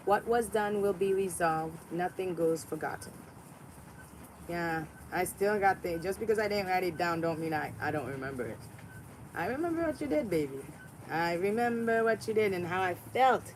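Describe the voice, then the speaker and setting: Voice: mid-range voice, a little hiss or hum, poor audio. A spiritual vlogger giving an emphatic motivational monologue, repeating lines for effect and throwing in sassy asides.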